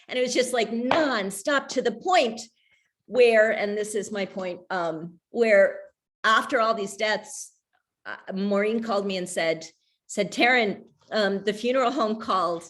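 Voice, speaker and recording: A woman's voice: medium pitch, a little slow. Candid middle-aged woman telling her story. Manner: candid, hesitant with many fillers and restarts, laughing. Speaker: author discussing her memoir. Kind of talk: casual talk at a reading.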